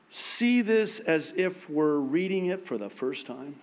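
Sex: man. Role: pastor. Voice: slightly high. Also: slow, few pauses. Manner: lively storytelling, often laughing at himself. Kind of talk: sermon.

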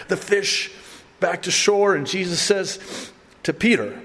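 A man's voice: medium pitch, big pitch swings, unhurried, fairly bright tone. A man preaching a sermon, telling the story animatedly and acting out voices with humor. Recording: distant voice with long hall reverb, faint ambience.

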